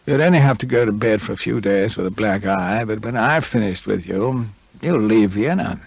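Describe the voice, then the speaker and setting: A combative, hot-headed drunken writer, as the reader puts him on, blustering and indignant, pitched a little higher and louder than the narration. The gravelly, husky voice stays in a close, dry audiobook recording. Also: male voice, animated, moderate pace, dry recording, exaggerated voice. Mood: furious. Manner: blustering, indignant, rising to shouts.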